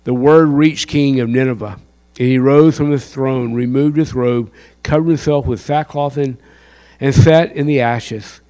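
A man's voice: medium pitch, fairly even intonation, a little slow, dark tone. A man preaching a sermon, impassioned and quizzing his listeners with questions. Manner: impassioned, asks the crowd questions.

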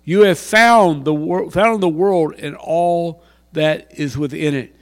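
A man preaching a sermon into a handheld mic in a church hall, dropping to near whispers and then rising to loud exclamations. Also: on the high side, slow pace. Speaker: pastor.

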